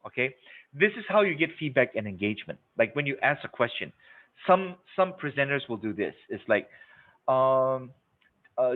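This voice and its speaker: He speaks at medium pitch, very animated yet moderately paced, while teaching sales in a live webinar. His delivery is emphatic and repetitive, punctuated by "okay?" and "right?" check-ins, and the audio is narrow and phone-like.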